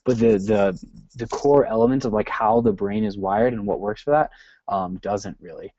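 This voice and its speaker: A man's voice: lowish voice, moderate pace, dark tone, slight background noise. A man hosting an interview, earnestly sharing his views and steering the talk with questions. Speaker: interview host. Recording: muffled call audio.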